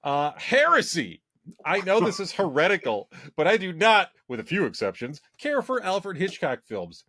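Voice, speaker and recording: A man's voice: high-pitched, wildly swooping pitch, normal speed, pushed and bright, no echo, clean studio sound. A man co-hosting a film podcast in casual chat, playful and laughing often. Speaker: podcast co-host.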